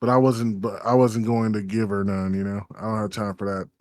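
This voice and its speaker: A man's voice: fairly low pitch, flat delivery, fairly quick, a little mellow, no room sound. A man with a Texas accent co-hosting a podcast, rambling in casual chat with lots of swearing and restarts. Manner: rambling, profane, many restarts. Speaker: podcast co-host.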